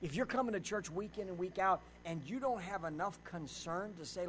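Man, pastor, high voice, sermon, shifts from loud preaching to hushed storytelling. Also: fairly quick, hardly any pauses, a little hiss or hum, low-quality recording. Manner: swings between loud preaching and quiet storytelling.

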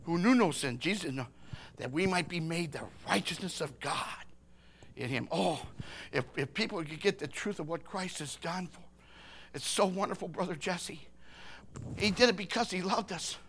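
An older man preaching a sermon, impassioned, swinging from hushed words to shouting. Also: high-pitched, normal speed, a little hiss or hum.

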